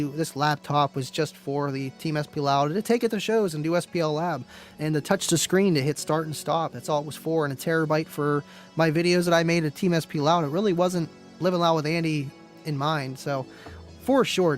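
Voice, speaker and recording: A man hosting a live stream, chatting casually with viewers, laid-back and chatty, laughing often and calling people "man" and "dude". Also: fairly high pitch.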